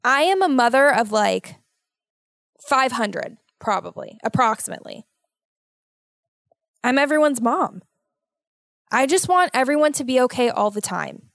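A woman hosting a casual solo podcast, talking in an animated, worried, motherly way and exaggerating her fears. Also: high voice, measured pace, creaky, long pauses, no echo, studio quality. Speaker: podcast host.

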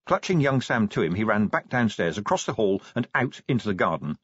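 A man with a low, husky voice narrates a scripted audiobook with wry drama, his pitch rising and falling in lively curves at a fairly quick pace. The recording is dry and close, its top end slightly dull and muffled.

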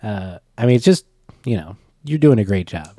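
Mellow-voiced man in joking banter. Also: fairly low pitch, lively intonation, normal speed, no room sound. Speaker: podcast co-host. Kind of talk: casual chat. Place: home room. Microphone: stand microphone.

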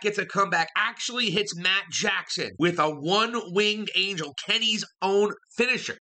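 Bright-voiced man recapping wrestling. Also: a little high. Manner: excitable, swears casually. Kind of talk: casual recap commentary.

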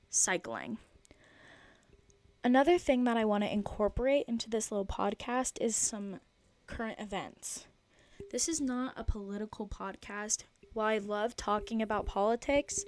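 A woman's voice: mid-range voice, no room sound. Young woman, podcast host, rambling casual chat, dry close sound. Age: 20s. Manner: chatty, rambling, jokey asides.

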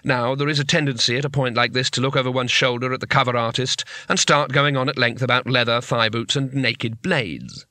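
A man's voice: medium pitch, steady tone, a little fast, few pauses, pushed and bright, no echo. A man narrating a comic fantasy audiobook in a wry, dry storytelling manner.

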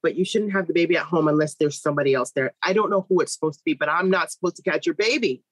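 A woman in her thirties, a midwife, telling a long personal story in an interview with lively, animated delivery and quoted voices. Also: sits low, racing, no echo, poor audio.

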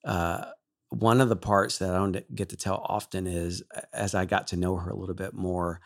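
A male worship leader, a guest on a talk show, telling an emotional story in an animated way and laughing often. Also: low-pitched, normal speed, creaky.

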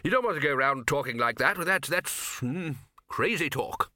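A man voicing a bluff, loud older male head wizard who stammers and hums. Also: a little high, animated, moderate pace, no echo, studio quality. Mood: blustering.

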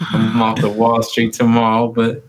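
A man co-hosting a podcast, joking and giggling in casual chat with a drawn-out delivery. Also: mid-range voice, background noise. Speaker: podcast co-host.

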